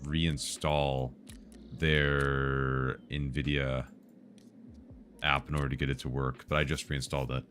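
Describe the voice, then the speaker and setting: Man, very low voice, casual rambling streamer, joking with chat, faint background noise. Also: a bit bright. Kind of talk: casual live-stream tech talk.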